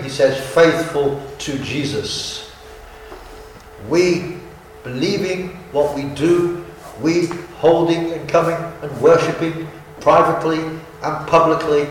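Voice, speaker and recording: A man's voice: fairly high pitch, a little hiss or hum. A man preacher giving a sermon in an earnest, emphatic style that keeps repeating key phrases. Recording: very echoey hall, from far off.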